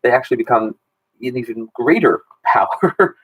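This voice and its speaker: A man's voice: medium pitch, expressive, moderate pace, fairly bright tone, breathy edge, no room sound, rough recording. A man in his thirties, a history teacher running a casual exam review Q&A and talking in a chatty way with many ums and restarts.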